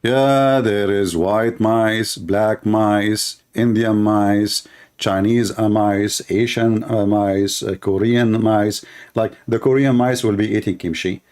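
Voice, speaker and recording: Host type, man with a lowish voice, sarcastic running commentary on a clip, english not his first tongue. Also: steady tone, slow pace, darkish tone, clean tone. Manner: sarcastic, teasing; non-native English grammar.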